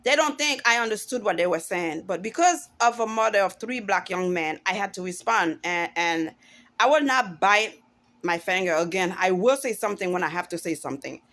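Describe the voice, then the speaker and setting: A woman's voice: mid-range voice, lively intonation, moderate pace, a bit bright. A woman in her forties giving an emphatic, outspoken opinion monologue to camera, often restarting her sentences as she goes. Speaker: vlogger.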